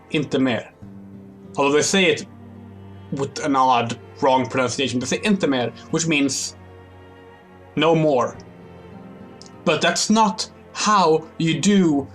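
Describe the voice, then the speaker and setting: A man from Sweden chatting casually and rambling on stream while he plays a game. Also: on the high side. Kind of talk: casual chat while playing.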